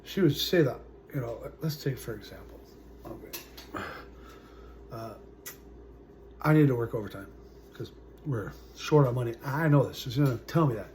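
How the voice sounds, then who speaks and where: A man in his forties telling his own story as a vlogger, halting and full of fillers, his sentences often trailing off quietly. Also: mid-range voice, animated, slight background noise. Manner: halting, full of "uh" and "you know", trailing off softly. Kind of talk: personal storytelling to camera.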